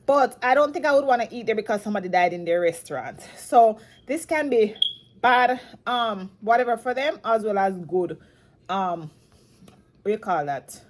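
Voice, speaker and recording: A woman's voice: mid-range voice, lively intonation, normal speed, a little hiss or hum. A woman from Jamaica talking through a news story in a casual, rambling commentary, restarting often and growing saddened as she goes. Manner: emotional, saddened. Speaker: commentary vlogger.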